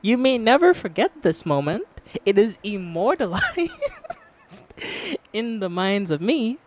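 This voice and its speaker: A woman's voice: mid-range voice, big pitch swings, takes it slowly. A woman streaming a game, chatting casually with her audience, teasing and laughing often and swearing freely.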